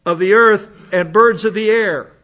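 A high-voiced man teaches a congregation from scripture. He reads a passage, then slips into chatty asides and questions to the room. The recording sounds dull and muffled. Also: a little slow, a bit bright. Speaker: preacher. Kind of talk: Bible teaching sermon.

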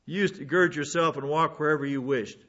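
With a slightly high, bright voice and a forceful tone, this pastor moves briskly through a verse-by-verse Bible sermon. His delivery is conversational, full of folksy asides and frequent restarts. The recording sounds dull and lo-fi.

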